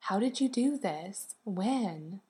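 A woman voicing a tender, wistful young mother in a storybook reading, speaking gently. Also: mid-range voice, lively intonation, slow pace.

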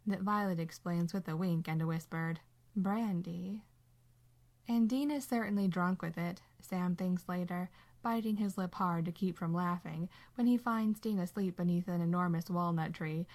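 Calm woman reading a story aloud. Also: fairly low pitch. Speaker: narrator. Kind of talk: audiobook narration of fan fiction.

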